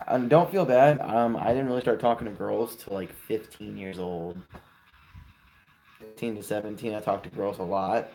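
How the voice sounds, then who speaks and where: A man's voice: fairly low pitch, warm tone. A young man in his twenties hosting a casual live stream, chatting with viewers and giving friendly advice.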